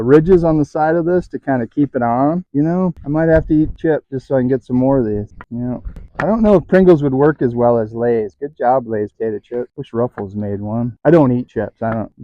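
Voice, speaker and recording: A man's voice: medium pitch, no room sound, dull audio. A man hosting a casual hands-on DIY vlog in his workshop, chatty and self-mocking, often chuckling as he demonstrates. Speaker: DIY channel host.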